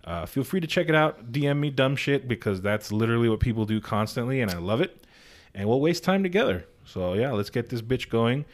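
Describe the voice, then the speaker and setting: A man co-hosting a podcast in loose, joking casual chat, swearing freely. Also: fairly low pitch. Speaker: podcast co-host.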